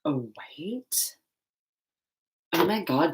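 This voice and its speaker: A woman hosting a casual livestream while painting, chatting loosely and joking at herself in quick asides. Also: low voice. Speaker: livestream host. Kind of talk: casual live-stream chat while painting.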